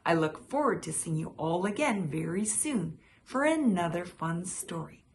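A woman hosting a children's storytime, reading a picture book aloud in a gentle, expressive way. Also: on the low side, moderate pace, a little hiss or hum.

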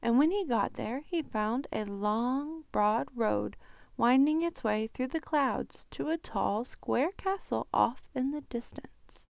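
A woman librarian reading a children's storybook aloud at a slow, expressive pace. Her voice sits a little high with a gravelly edge. Dry, close sound. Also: no room sound.

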